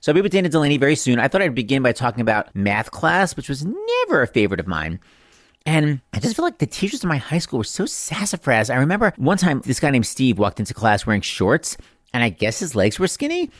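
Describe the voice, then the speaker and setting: A man's voice: medium pitch, fast talker, no echo, clean studio sound. A man hosting a podcast, chatting casually and telling jokey stories. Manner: animated, jokey storytelling. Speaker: podcast host. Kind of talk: casual chat.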